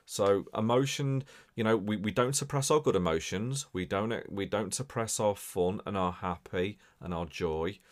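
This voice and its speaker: Low-voiced chatty English man. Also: moderate pace, hardly any pauses. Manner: chatty and animated, with many fillers and repeats. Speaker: podcast host. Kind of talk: casual podcast sign-off chat.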